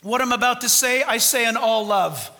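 A fervent man preaching to his church, his voice very high and bright. He is loud and exuberant, tosses in jokes, and his words ring through a long reverberant hall. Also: normal speed. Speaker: pastor. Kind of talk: sermon. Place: church sanctuary.

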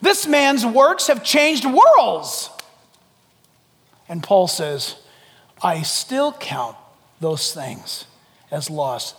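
A pastor with a high, creaky voice preaches to his congregation, dramatic and animated, swinging from loud exclamations to hushed near-whispers and acting out quoted voices. The recording carries a long hall reverb.

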